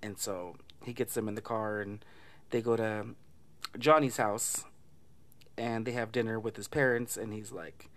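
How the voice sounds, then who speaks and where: A man's voice: on the low side, steady tone, measured pace. A man casually retelling a movie plot, chatty and laughing often, swearing and mimicking lines from the film. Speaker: movie recap vlogger.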